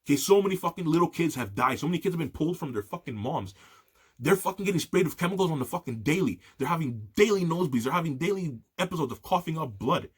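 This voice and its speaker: A man's voice: on the high side, lively intonation, fast, husky. A young man hosting a solo talk show, ranting heatedly with lots of swearing and a repeated "okay". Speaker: podcast host.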